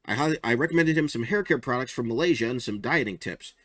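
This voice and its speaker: A man's voice: medium pitch, lively intonation, fast talker, fairly bright tone, dry recording, pitched above the performer's own voice. A man voicing Ralph, a dim-witted but lovable cartoon stick man who chatters eagerly. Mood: goofy cheerful.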